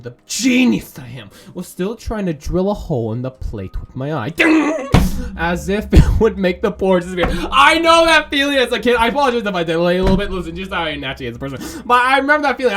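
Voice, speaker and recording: Gaming YouTuber, male, high and animated voice, swears a lot, rambles through asides over faint game music. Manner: profane, rambling, jokey asides. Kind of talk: let's play commentary, reading game text aloud.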